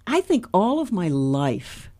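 Older woman host, lively pitch, chatty storyteller who laughs a lot. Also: slow pace. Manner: animated storyteller, laughs often. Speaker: radio talk show host. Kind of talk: casual chat.

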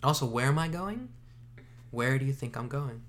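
Brief: male co-host, mid-pitched, rambling and jokey, casual chat. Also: lively intonation, normal speed, fairly bright tone. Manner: rambling, jokey, self-correcting. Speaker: podcast co-host.

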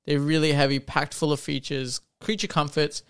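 A man's voice: on the high side, flat delivery, moderate pace, a bit bright, clear, resonant tone, no room sound, studio quality. A man co-hosting a podcast, chatting casually about cars, explaining at length and restarting his sentences. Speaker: podcast co-host. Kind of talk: casual car chat.

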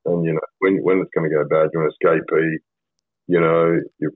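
A middle-aged Australian man with a low, husky voice, telling a story in a blunt and sweary way that wanders and circles back. The sound is thin and tinny, like a phone line, with very dry acoustics. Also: level tone, brisk, dry recording. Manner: blunt, sweary, rambling with many fillers. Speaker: podcast guest. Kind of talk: casual storytelling.

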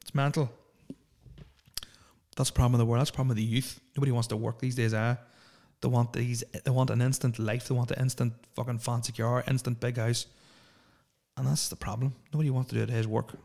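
A man's voice: medium pitch, little pitch movement, fairly quick, creaky, warm tone. A man, hosting a solo podcast and ranting in a profane, opinionated, rambling way. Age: 30s. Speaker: podcast host.

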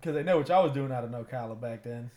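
A man's voice: medium pitch, fast, darkish tone. A man tossing in crude jokes during casual podcast chat. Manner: crude joking interjections.

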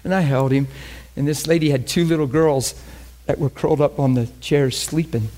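Brief: male preacher, slightly raised pitch, emphatic, conversational teaching. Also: moderate pace, warm tone, slight background noise. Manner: emphatic, conversational, repeats phrases. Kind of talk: sermon teaching.

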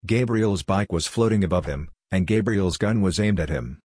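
A man narrating an audiobook story in a steady, even way. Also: deep voice, normal speed, husky, no room sound, clean studio sound.

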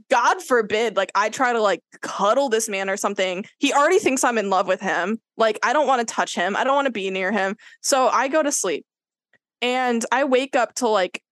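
A woman's voice: on the high side, no room sound. A young woman co-hosting a podcast, telling a dating story in casual chat, with lots of "like" and acted-out quotes. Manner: animated storyteller, fills with "like", acts out quotes. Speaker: podcast co-host.

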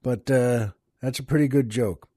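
A man hosting a show, telling a long joke in an unhurried, folksy way and laughing at his own punchlines. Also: medium pitch, mellow, slightly rough, no room sound, studio quality. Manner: slow, folksy storyteller who chuckles at his own jokes. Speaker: podcast host. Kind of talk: joke telling and poetry reading.

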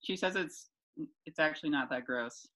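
A woman's voice: sits low, normal speed, fairly bright tone. A woman co-hosting a podcast in casual chat, playful and giggly, reading out odd news items. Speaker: podcast co-host.

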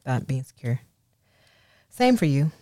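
Low-voiced woman with a lively delivery. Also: moderate pace, no echo, studio quality. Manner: animated, candid, acts out quoted dialogue. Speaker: podcast co-host. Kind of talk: casual podcast chat.

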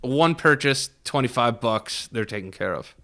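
Lively teasing man, casual chat. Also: mid-range voice, moderate pace. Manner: teasing, swears, asks questions. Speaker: podcast co-host.

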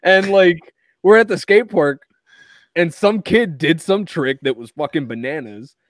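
A man's voice: a little high, measured pace, dry recording. A man guesting on a casual podcast, telling stories animatedly, laughing often and saying "like" a lot.

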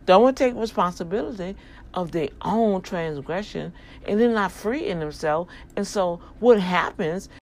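A woman's voice: on the low side, expressive, moderate pace. A woman with a New Orleans accent talking to her viewers in a casual, preachy monologue, full of emphatic rhetorical questions. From New Orleans, US South. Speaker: vlogger addressing her online family.

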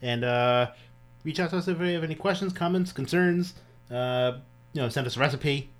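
A man's voice: a little high, normal speed. Easygoing man hosting a podcast. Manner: easygoing, hesitant with fillers. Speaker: podcast host. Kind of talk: casual chat.

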